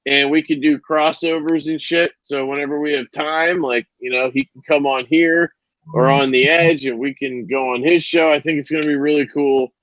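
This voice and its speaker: A man's voice: fairly high pitch, fairly even intonation, moderate pace, a bit bright, dry recording, highs cut off. A man hosting a casual live stream and signing off, loose and profane, with plenty of ums and restarts.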